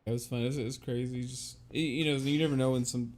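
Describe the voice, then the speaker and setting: A man's voice: mid-range voice, fairly even intonation, quick pace, a little mellow. Chatty man hosting a live stream. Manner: chatty, laughs often, reads chat aloud. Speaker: streamer co-host. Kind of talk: casual live-stream chat.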